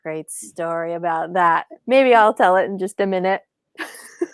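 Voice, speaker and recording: A middle-aged woman telling her story in an animated, casual way as an interview guest, acting out quoted lines in a higher voice. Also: normal speed, clear, resonant tone, no echo, studio quality. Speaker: podcast guest, author and speaker.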